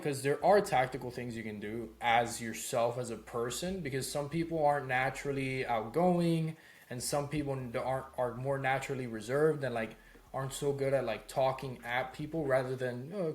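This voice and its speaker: A man's voice: mid-range voice, brisk. A young man in his home office giving a casual lesson on sales calls, talking loosely with lots of "like" and "right?". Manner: loose, conversational, heavy on "like" and "right?". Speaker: sales course instructor.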